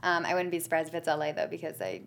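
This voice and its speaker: A woman's voice: sits low, sing-song, very fast, vocal fry, a little hiss or hum. Chatty young woman recapping an episode. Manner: chatty, giggly, acts out quotes in shifting voices. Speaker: podcast co-host recapping a TV episode. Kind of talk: casual chat.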